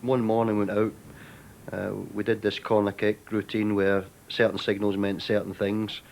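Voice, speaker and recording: Male ex-player, reflective and unhurried, on the lower side, slight room noise. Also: little pitch movement, a little mellow. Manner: thoughtful, unhurried recollection. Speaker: former footballer interviewee. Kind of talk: reflective interview.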